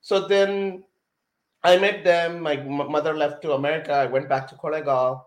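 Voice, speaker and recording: A man from India speaks as a podcast guest, telling his story in an animated way. He keeps stopping and restarting around many fillers. His voice sits slightly high, and it carries a roomy echo. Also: moderate pace. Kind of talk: personal storytelling in conversation.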